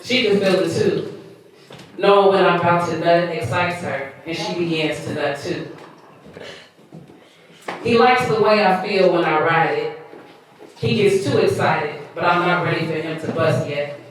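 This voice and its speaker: A woman poet performing a live reading of her own poetry, with a slow, sensual delivery, heard from far off in an echoey room. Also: fairly low pitch, slight background noise.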